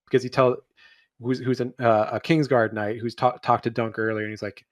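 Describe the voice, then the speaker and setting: Animated man retelling scenes. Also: mid-range voice, brisk, no room sound, studio quality. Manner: animated retelling, acting out characters' lines. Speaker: podcast co-host. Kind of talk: casual show review chat.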